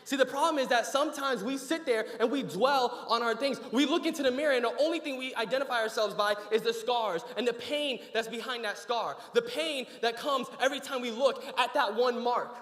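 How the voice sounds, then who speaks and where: A young man with a fairly high voice delivers a short sermon in a roomy, echoing hall. He talks casually, telling a story, then climbs into emphatic preaching. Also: fairly quick, fairly bright tone. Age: young adult. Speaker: student preacher. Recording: echoey hall.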